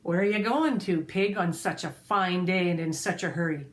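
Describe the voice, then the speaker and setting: Lady putting on a slick hungry fox from a kids' story, smooth and sly, bragging about how clever he is. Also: lowish voice, moderate pace, close to an everyday voice.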